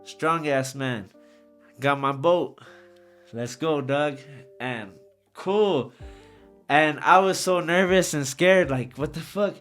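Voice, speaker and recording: A man's voice: fairly high pitch, slow, long pauses, soft background music. Profane, slangy man telling stories. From Socorro area. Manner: profane, slangy, animated anecdotes. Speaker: podcast guest, rapper. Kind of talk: casual storytelling.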